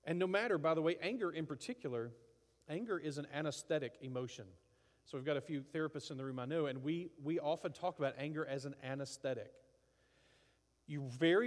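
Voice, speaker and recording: Middle-aged man, preacher, chatty sermon, slightly high voice, long reverb. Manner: conversational, acts out angry outbursts.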